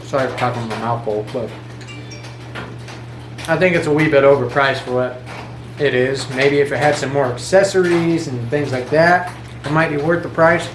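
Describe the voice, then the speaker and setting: A man's voice: medium pitch, moderate pace, long pauses, roomy sound, noisy background. A man cooking outdoors by a fire pit in the rain, joking and laid-back in casual chat.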